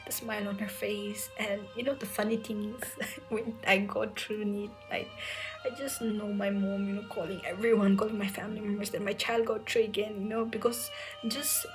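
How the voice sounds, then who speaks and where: A young woman telling an emotional personal story, softly and often near a whisper, tearful at times, with many fillers. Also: mid-range voice, poor audio. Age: young adult. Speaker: medical entrance exam aspirant sharing her story.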